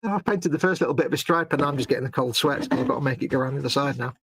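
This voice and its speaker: A man's voice: medium pitch, a crowd in the background. A man co-hosting a live stream, chatting casually while painting models, grumbling and mocking himself. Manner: self-mocking, grumbling, quick to laugh. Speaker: co-host.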